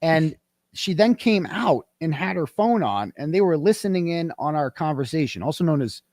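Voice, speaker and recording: Animated man telling a story, lively pitch. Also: moderate pace, dry recording, studio quality. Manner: animated, acts out quoted dialogue. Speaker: guest. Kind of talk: casual interview storytelling.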